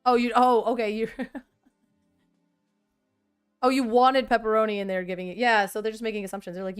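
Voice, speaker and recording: A woman's voice: a little high, fairly even intonation, brisk, long pauses, clear, resonant tone, soft background music. Chatty self-mocking woman vlogger. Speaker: vlogger sorting trading cards. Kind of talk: casual chat while working.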